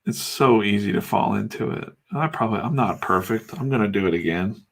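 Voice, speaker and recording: The middle-aged US comics artist and host talks casually as he draws, rambling with some swearing and plenty of candor. His gravelly voice is fairly low in pitch and a little fast.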